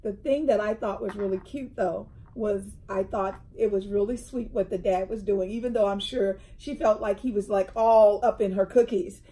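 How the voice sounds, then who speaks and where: Speaking at normal speed in a mid-range voice with hardly any pauses, a middle-aged woman co-hosts a casual indoor chat at a tea table. She tells her stories with animation and acts out the quotes of the people involved.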